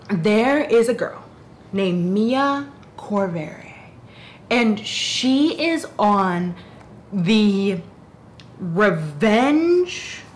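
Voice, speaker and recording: Young woman, casual book chat, animated, rambling, mid pitch, faint background hiss. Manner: animated, rambling, self-interrupting. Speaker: book reviewer.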